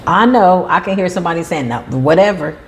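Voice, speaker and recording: A woman giving a tarot reading in an animated, emphatic way, sometimes acting out the voices of the people she describes. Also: fairly low pitch, brisk. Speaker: tarot reader.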